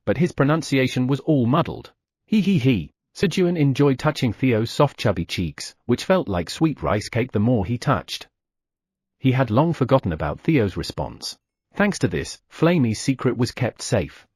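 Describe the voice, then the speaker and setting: Husky, very lively male audiobook narrator. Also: medium pitch, dry recording, studio quality. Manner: lively storytelling with sound effects.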